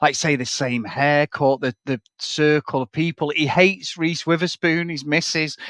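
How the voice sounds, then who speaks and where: A man's voice: fairly high pitch, fairly even intonation, a little slow, a bit bright, no echo. A man co-hosting a podcast, chatting casually about a film, swearing often and acting out lines as he talks. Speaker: podcast co-host. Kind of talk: casual film-review chat.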